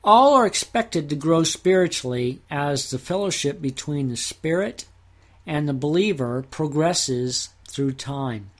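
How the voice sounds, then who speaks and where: Male Bible Greek teacher for a podcast, measured and slow, voice sitting a little high. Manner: slow, deliberate reading of verses and grammar terms.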